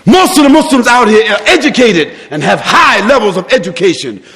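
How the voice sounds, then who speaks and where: A male preacher giving an impassioned sermon in a mosque, firing off rhetorical questions and shouting for emphasis. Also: high voice, very animated, a little fast, long reverb tail. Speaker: Islamic preacher.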